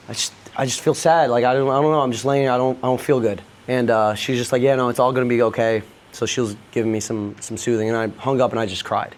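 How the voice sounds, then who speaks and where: A young man on a podcast, candidly telling a personal story in a loose, rambling way, peppered with swearing. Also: medium pitch. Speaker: podcast guest.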